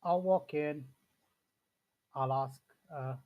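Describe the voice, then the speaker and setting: A man playing a tabletop game, speaking slowly and hesitantly. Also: fairly high pitch. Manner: slow and hesitant. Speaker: player. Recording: dull lo-fi sound.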